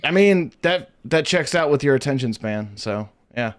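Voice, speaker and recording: A man's voice: mid-range voice, expressive, moderate pace. A man co-hosting a live stream, teasing the others in a mock-outraged way. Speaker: co-host. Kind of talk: casual live-stream banter.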